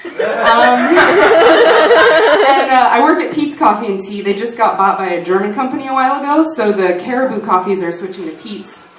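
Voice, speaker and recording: A woman's voice: fairly high pitch, animated, moderate pace, background noise. A woman in her twenties doing loose, improvised open-mic stand-up, rambling and swearing freely on a small comedy stage. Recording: echoey room, mic at a distance.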